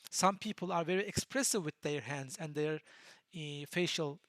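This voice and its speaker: Patient lecturer. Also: male voice, on the high side, fairly bright tone, no echo, studio quality. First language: Turkish. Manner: patient, explanatory, pauses to search for words. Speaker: university lecturer. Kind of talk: recorded lecture.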